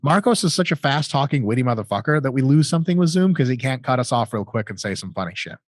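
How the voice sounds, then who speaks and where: A man's voice: medium pitch, lively intonation, fast, no room sound. A man in his thirties co-hosting a casual question-and-answer chat, joking and swearing freely. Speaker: co-host answering viewer questions.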